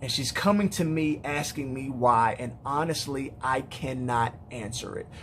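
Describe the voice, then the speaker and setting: A man speaking as a father in an emotional personal monologue, weary and heartfelt, halting with repeated words and restarts. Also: mid-range voice, fairly bright tone, slight background noise. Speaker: father speaking to other parents.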